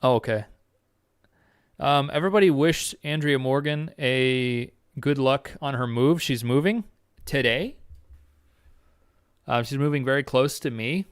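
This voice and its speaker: A man hosts a podcast like a live chat with his viewers, rambling and swearing constantly. He is excitable and quick with exclamations. His voice is smooth and clear, and the recording is dry and close. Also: mid-range voice, dry recording. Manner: rambling and heavily profane. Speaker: podcast host.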